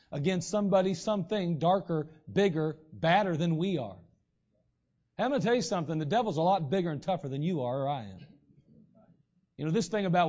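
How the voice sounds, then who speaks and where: Male pastor, high-pitched, casual preaching style, muffled recording. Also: darkish tone. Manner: conversational preaching with frequent throat clearing. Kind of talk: sermon. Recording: dull lo-fi recording.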